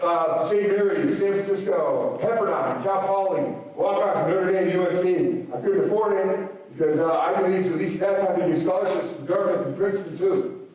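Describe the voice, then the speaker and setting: Punchy man speaking in a booming hall. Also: brisk, darkish tone. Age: 30s. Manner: punchy, rhetorical questions, addresses students directly. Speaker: motivational speaker. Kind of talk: motivational speech to a school assembly. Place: large school gym or auditorium. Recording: very echoey hall, voice from far off.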